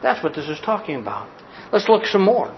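A middle-aged man preaching a sermon as pastor, folksy and direct, swinging from loud urgent bursts to soft hushed lines. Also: high voice, big pitch swings, fairly quick, dull audio, slight background noise. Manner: folksy, talks straight to the listeners.

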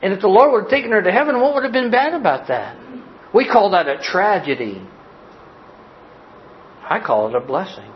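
A middle-aged man preaching a sermon as pastor, folksy and direct, swinging from loud urgent bursts to soft hushed lines. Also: high voice, lively intonation, moderate pace, long pauses, muffled recording, a little hiss or hum. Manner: folksy, talks straight to the listeners.

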